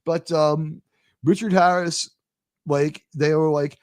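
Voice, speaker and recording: An American man hosting a live talk show, telling stories in a rambling, animated way with lots of fillers. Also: on the high side, slow pace, clear, resonant tone, no echo, studio quality. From United States. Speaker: host.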